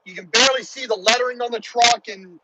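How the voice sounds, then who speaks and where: Talking fast in a very high-pitched voice, this truck driver from Baltimore, USA, vlogs casually while driving. His speech wanders, with frequent restarts and plenty of "you know," all over a heavy rumble of engine and road.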